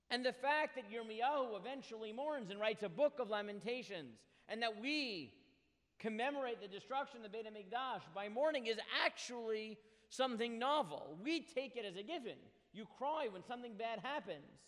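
A man with a high voice teaches a text study lesson. He reads verses aloud and explains them with earnest emphasis. His voice carries a long hall reverb. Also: lively intonation, moderate pace, a bit bright. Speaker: Torah teacher.

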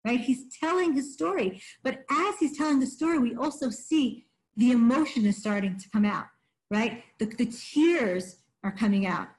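A woman with a high, light voice leads a text study lesson. She reads verses in Hebrew and then translates them. As she explains, she keeps checking in with her listeners by asking "right?". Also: animated, moderate pace, poor audio. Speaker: teacher.

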